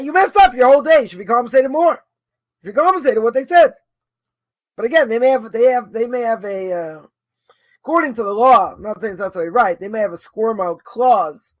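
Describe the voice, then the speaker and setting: A man with a high voice gives an informal lecture on religious law. He thinks aloud, repeats himself and weighs both sides of a question. The sound is dry and close. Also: no room sound. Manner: thinking aloud, argues both sides, many repetitions and "right?". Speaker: Torah course teacher.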